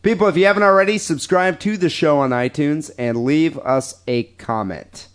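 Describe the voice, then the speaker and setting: A man's voice: a little high, moderate pace, clean tone. A man hosting a podcast, reading listener emails aloud with crude, profane, joking banter. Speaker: podcast host.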